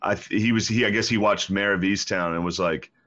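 A man's voice: deep voice, steady tone, fairly quick, fairly bright tone, highs cut off. A man from Pennsylvania, a comedian guest who rambles in a laid-back way in casual chat.

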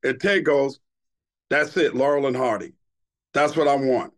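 A man's voice: mid-range voice, unhurried. A middle-aged man from Queens, a radio DJ guest on a podcast, telling a story with lots of swearing. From Queens, New York. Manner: profane, animated storyteller.

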